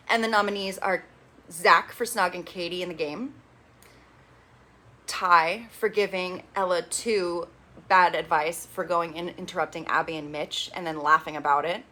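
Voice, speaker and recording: A woman chatting casually through a reality TV recap, retelling the drama and quoting the cast in quick asides. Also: on the low side, bright, forceful tone.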